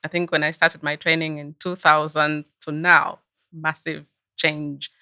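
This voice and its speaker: A woman talks about mental health on a webinar panel in a bright, clear voice. Her delivery is earnest and measured, and the sound is dry and close. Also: deep voice, level tone, dry recording. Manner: earnest, measured, repeats "you know". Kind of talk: panel discussion.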